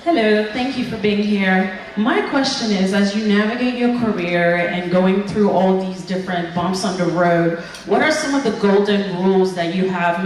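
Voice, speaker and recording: A woman in the audience politely asking the speaker a question. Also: medium pitch. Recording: echoey hall, distant mic.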